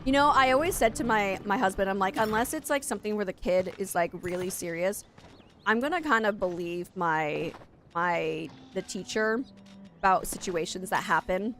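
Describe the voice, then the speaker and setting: A woman's voice: medium pitch, normal speed, fairly bright tone, slight background noise. A young adult woman streaming a game, chatting casually and rambling straight to her viewers. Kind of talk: casual live-stream chat.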